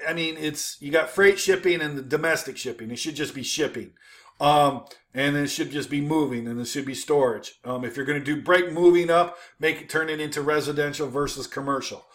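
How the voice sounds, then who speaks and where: A man with a slightly higher voice walks through web pages in loose, offhand commentary. He hesitates and restarts often, then lands his points with a punchy "boom.". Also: a little fast, a bit bright. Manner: informal, many fillers and restarts, emphatic "boom". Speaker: host critiquing websites. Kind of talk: casual screen-share commentary.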